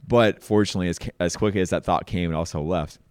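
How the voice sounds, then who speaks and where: Low, smooth-voiced man, relaxed and self-deprecating, recounting his past to a podcast audience. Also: fast, dry recording, studio quality. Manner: laid-back, self-mocking, says "dude" a lot. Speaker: podcast host sharing his testimony. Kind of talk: casual personal storytelling.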